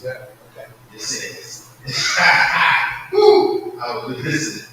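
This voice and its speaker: A man preaching a sermon in a church, calling out to the congregation and swinging from soft murmurs to loud shouts. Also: a little high, big pitch swings, slow, slight background noise. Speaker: pastor. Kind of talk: call-and-response sermon. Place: church sanctuary. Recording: echoey distant church livestream recording.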